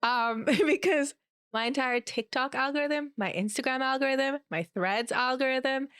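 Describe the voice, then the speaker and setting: A woman's voice: high voice, normal speed, fairly bright tone, clean tone, no echo, studio quality. A woman co-hosting a podcast, chatting in a playful, dramatic way. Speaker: podcast co-host. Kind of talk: casual chat.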